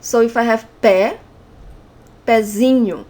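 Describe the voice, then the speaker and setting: A woman's voice: a little high, slow, darkish tone. A young Brazilian woman with a Brazilian accent teaching an online language lesson, patiently repeating example words.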